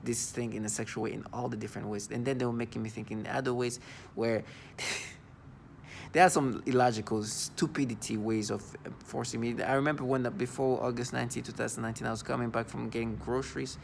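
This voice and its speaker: A man with a rough, gravelly voice speaks in a personal video monologue. He sounds agitated and disgusted, and keeps breaking off and restarting his sentences. Faint background noise runs under the recording. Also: mid-range voice, fairly even intonation. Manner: halting, full of restarts and fillers. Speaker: vlogger.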